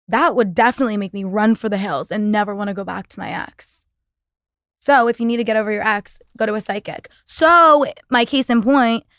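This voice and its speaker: This young adult podcast host rambles through a sarcastic, casual monologue laced with profanity. Her voice is mid-range, and the recording is dry and studio quality.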